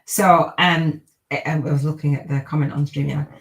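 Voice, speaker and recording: A woman's voice: sits low, fairly even intonation, normal speed, poor audio. A middle-aged woman hosting a live-streamed podcast, chatting in an upbeat, rambling way and repeating gratitude affirmations. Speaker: podcast host.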